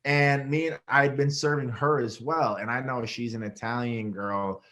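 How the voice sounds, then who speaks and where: A young man from Rochester, New York, a guest telling a story in a casual interview, animated and swearing, acting out quotes with big jumps in his voice. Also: medium pitch, moderate pace, a little hiss or hum. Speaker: guest, reality show winner.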